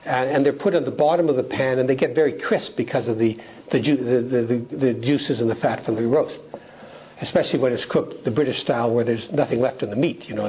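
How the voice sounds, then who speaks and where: Husky man telling a story at a workshop. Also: medium pitch. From Canada. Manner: animated, acts out dialogue, frequent restarts. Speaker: workshop speaker. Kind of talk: storytelling talk at a recovery workshop. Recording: dull lo-fi recording.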